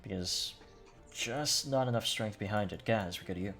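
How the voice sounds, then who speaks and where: A man's voice: fairly low pitch, moderate pace, creaky, a bit bright, soft background music. A man acting as game master, narrating combat and rulings in a loose way that searches for words. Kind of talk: running a tabletop game, describing rules and combat.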